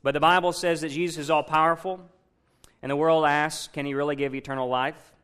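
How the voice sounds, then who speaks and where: A man's voice: on the high side, steady tone, brisk, fairly bright tone, clear, resonant tone. A man preaching a sermon in a conversational way, retelling a Bible story and asking his listeners questions. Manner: conversational, asks the congregation questions.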